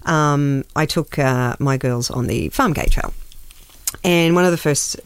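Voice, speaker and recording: A woman's voice: low-pitched, measured pace, clear, resonant tone, no room sound. A woman in her thirties with an Australian accent, telling a funny story on breakfast radio with lots of laughter. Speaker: radio guest.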